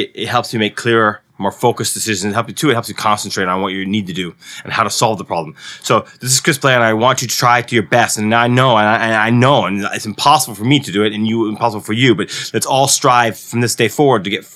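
A man's voice: on the low side, quick pace, few pauses, bright, forceful tone. A man hosting a solo business podcast, talking earnestly with many restarts and repeated words as he coaches listeners. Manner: earnest, rambling with frequent restarts. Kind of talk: solo motivational podcast talk.

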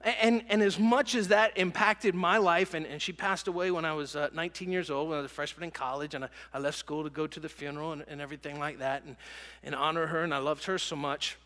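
A man's voice: on the high side, fairly even intonation, fast, sharp tone, long reverb tail. A middle-aged man giving a sermon as a pastor, telling stories conversationally with many fillers and restarts. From American South.

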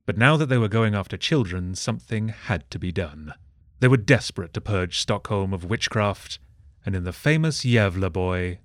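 A man narrating a comedic history story with sardonic, deadpan asides. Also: low-pitched, dry recording, clean studio sound.

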